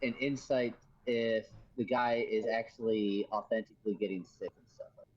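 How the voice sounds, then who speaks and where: Male player, husky, hesitant and apologetic, dull lo-fi mic. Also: fairly low pitch, steady tone, moderate pace, no room sound. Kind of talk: casual game chat.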